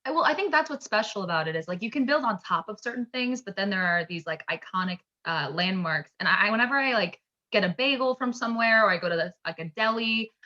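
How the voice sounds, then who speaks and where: A woman's voice: medium pitch, pushed and bright. A young woman from upstate New York chatting casually as a podcast guest, often laughing and saying "like". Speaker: podcast guest, actor and comedian. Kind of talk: casual chat. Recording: dull lo-fi sound.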